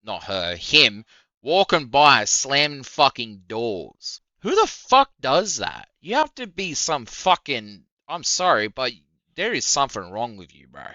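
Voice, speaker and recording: A man's voice: mid-range voice, huge pitch swings, a little slow, sharp tone, no room sound, dull audio. Profane, heated man ranting on stream. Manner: profane, heated and incredulous, with mocking laughs. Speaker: streamer reacting to a clip. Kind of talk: ranting reaction commentary.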